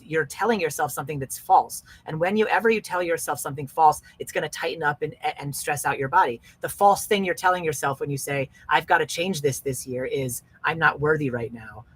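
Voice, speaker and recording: A man's voice: fairly high pitch, fairly quick, hardly any pauses, a bit bright, breathy edge. A man hosting a wellness podcast, talking in an earnest, emphatic coaching way and repeating his key phrases.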